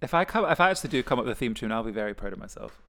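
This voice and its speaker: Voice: mid-range voice, big pitch swings, rapid-fire, fairly bright tone. A podcast co-host in casual chat, enthusiastic and fond of quoting comedy lines.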